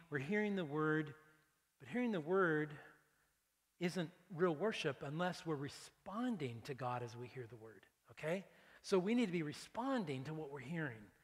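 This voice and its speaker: Animated pastor preaching in a reverberant hall. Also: male voice, on the high side. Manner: conversational, animated preaching with acted prayers and sudden hushed asides. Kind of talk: sermon. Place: church sanctuary.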